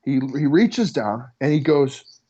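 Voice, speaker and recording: A man's voice: fairly high pitch, very animated, unhurried, dark tone, husky, lo-fi sound. A young adult male comedian telling a story in casual chat over a video call, in an intense, profane way. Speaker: comedian guest.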